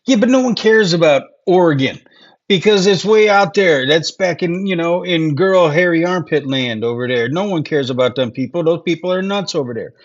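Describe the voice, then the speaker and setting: A man's voice: a little high, expressive, normal speed. A middle-aged man from Wisconsin co-hosting a casual podcast, ranting and swearing, with lots of fillers and rambling asides. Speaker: podcast co-host. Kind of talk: casual chat. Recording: dull lo-fi sound.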